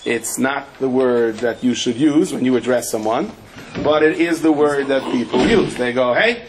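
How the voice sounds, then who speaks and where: A rabbi teaching a Torah class, telling stories with animation and acting out the people in them. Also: male voice, mid-range voice, moderate pace, background noise. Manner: animated storytelling, acts out the people in his anecdotes.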